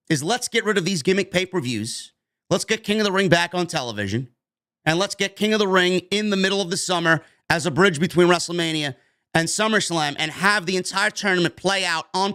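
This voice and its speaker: A man with a rather high voice rants about the news as a podcast host. He is emphatic and blunt and swears without holding back. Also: pushed and bright. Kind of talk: opinionated news rant.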